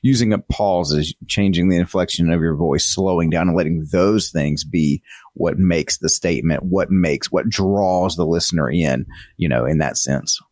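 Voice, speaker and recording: A man's voice: low voice, moderate pace, a little mellow, no room sound, clean studio sound. A man who works in student ministry, talking earnestly and thoughtfully on a podcast. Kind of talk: casual podcast conversation.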